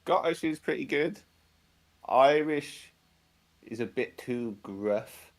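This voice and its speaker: A man's voice: mid-range voice, lively intonation, slow pace. A man from Britain chatting casually on a stream, telling dry jokes. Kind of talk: casual chat.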